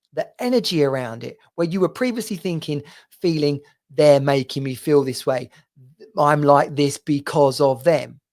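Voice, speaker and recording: A man's voice: high-pitched, a little mellow. A man hosting a podcast, giving an earnest motivational monologue as a men's coach and speaking straight to the listener.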